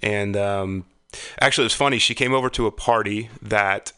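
A man's voice: lowish voice, fairly quick, sharp tone, clean tone. A middle-aged man telling long, rambling stories in casual chat, swearing freely as he goes. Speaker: podcast guest.

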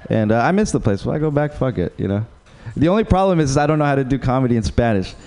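A young man from Uruguay doing a stand-up set at an open mic, rambling and halting, full of fillers and self-mocking laughs. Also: medium pitch, animated, background noise. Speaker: stand-up comedian.

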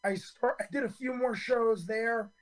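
A hoarse man in his fifties, a stand-up comedian telling his story in a radio interview, earnest and full of ums and restarts. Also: extremely high pitch, steady tone, normal speed, low-quality recording.

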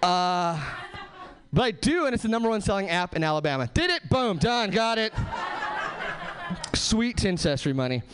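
A male stand-up comedian from Southern California works a club stage with a high-pitched voice. His delivery is punchy and animated, with wide, lively swings in pitch. He speaks into a handheld stage mic. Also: a little fast, background noise.

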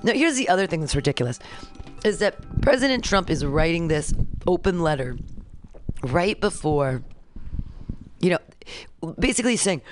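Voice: mid-range voice, sing-song, moderate pace, pauses often, dry recording. A radio host doing a sarcastic, rambling political monologue with jokey asides and reading a document aloud in a studio.

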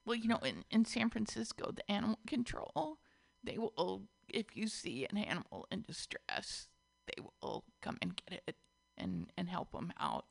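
A man's voice: high-pitched, huge pitch swings, moderate pace, gravelly, fairly bright tone. A man chiming into a casual radio chat in a matter-of-fact, informative way.

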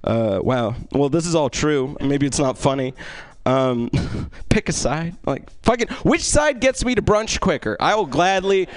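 A man doing a stand-up comedy set in a small club, self-deprecating with deadpan asides and lots of fillers. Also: on the high side, unhurried, dry recording. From Egypt.

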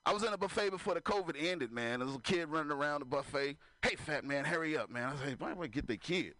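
Male stand-up comic working the room; high, bright voice. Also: racing, no echo. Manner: loose, crowd-working, laughs at own jokes. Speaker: stand-up comedian. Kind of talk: stand-up comedy set.

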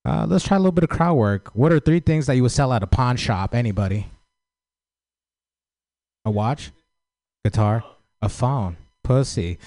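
A man's voice: medium pitch, lively intonation, normal speed, pauses often, a little mellow, dry recording. A man doing a loose, profane open-mic stand-up set, joking at his own expense and asking for feedback. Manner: loose, profane, self-deprecating.

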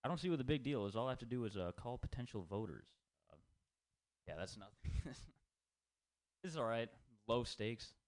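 A young man working through a loose stand-up set in a small comedy room, talking at an ordinary, middling pitch. He rambles, swears freely and makes fun of himself as he goes. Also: lively intonation, a little fast, pauses often. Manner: rambling, self-deprecating, profane. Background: small audience.

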